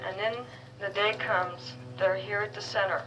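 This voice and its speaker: A woman giving a heartfelt speech as a guide dog school graduate, earnest and speaking in short, halting phrases. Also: medium pitch, level tone, lo-fi sound. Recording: distant, faintly noisy ceremony recording.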